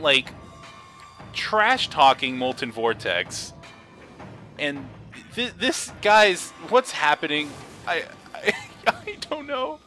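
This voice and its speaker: Narrating his own card game, this young man hosts a gaming video in a casual, hyped-up style. He laughs, curses, and jumps from quiet mumbling to sudden high-pitched yelps.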